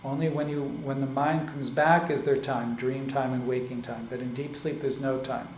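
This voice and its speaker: A man giving a spiritual discourse as a teacher. He explains slowly and often checks in with "right?" and "like this". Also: mid-range voice, fairly even intonation. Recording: echoey room with faint ambient noise.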